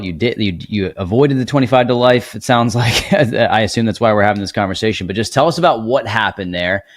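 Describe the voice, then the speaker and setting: A man with a low voice hosts a podcast interview, recorded dry and close. He asks long questions that wander, with lots of pauses and fillers. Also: no room sound. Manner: rambling, hesitant questions with many fillers. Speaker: podcast host.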